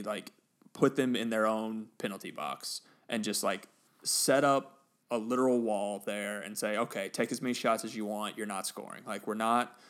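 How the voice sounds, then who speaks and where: A man on a podcast, casually retelling a football match with animated bursts of excitement. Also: fairly low pitch. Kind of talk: casual storytelling chat.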